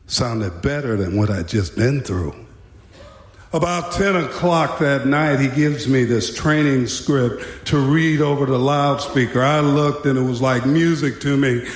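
A man telling a wry, dramatic story about his time as a prison guard. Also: mid-range voice. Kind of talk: storytelling talk. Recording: echoey hall.

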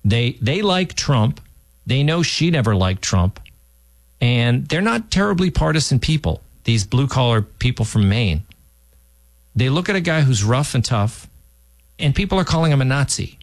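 A man's voice: mid-range voice, very animated, moderate pace, no echo. A middle-aged man hosting political talk radio, rambling and emphatic, often restarting and repeating himself.

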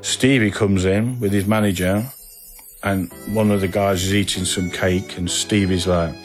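A man with a rambling, animated storytelling manner, acting out what people said. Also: low-pitched, unhurried, soft background music. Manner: rambling, animated anecdotes with acted-out quotes. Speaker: interviewee. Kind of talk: casual storytelling.

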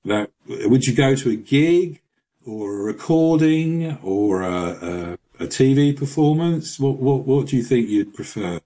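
A man's voice: medium pitch, lively intonation, unhurried, warm tone. Chatty man with frequent restarts. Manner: chatty, full of restarts, laughs often. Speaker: guest. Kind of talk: radio interview.

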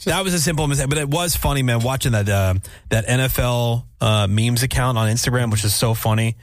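A man hosting a radio talk show, chatting and telling stories in a relaxed, slangy way. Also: mid-range voice, fairly quick, no room sound. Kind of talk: casual morning show banter.

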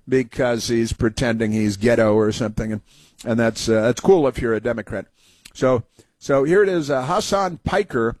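A man's voice: mid-range voice, moderate pace, a little mellow, dry recording. A male talk radio host giving scornful, sarcastic political commentary in a rambling way.

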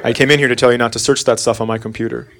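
A middle-aged man doing a stand-up routine, telling a story in a deadpan way with sudden exasperated outbursts. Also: mid-range voice, rapid-fire, a crowd in the background. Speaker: stand-up comedian. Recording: noisy live recording. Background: audience laughter.

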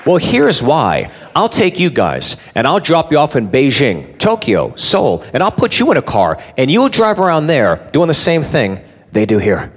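A man's voice: a little high, wildly swooping pitch, normal speed, husky. A man doing provocative stand-up, swearing and asking the crowd questions. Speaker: stand-up comedian. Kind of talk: stand-up comedy. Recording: live club with audience and noise.

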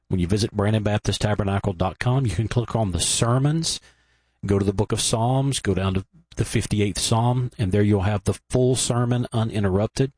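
A man hosting a radio sermon broadcast, giving a measured, explanatory introduction and pointing listeners to the archive. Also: lowish voice, a little mellow, husky, no echo.

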